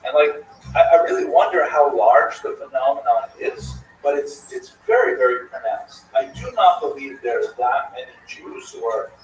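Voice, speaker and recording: A man hosting a livestream discussion in a casual, animated way. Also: medium pitch, moderate pace. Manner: animated, tells jokes. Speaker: livestream host. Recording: echoey room from far off, faint noise.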